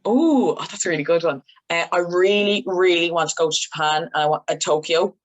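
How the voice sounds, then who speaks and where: Brief: young woman, low voice, radio journalist as guest, lively storyteller. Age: young adult. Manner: lively storyteller, quick asides. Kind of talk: casual interview chat.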